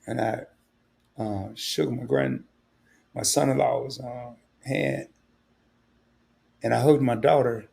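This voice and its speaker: A man's voice: mid-range voice, lively intonation, slow, gravelly, pauses often, a little mellow. An older man hosting a livestream, talking candidly and a bit rambling, with emotion coming through. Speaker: livestream host. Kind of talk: casual livestream talk.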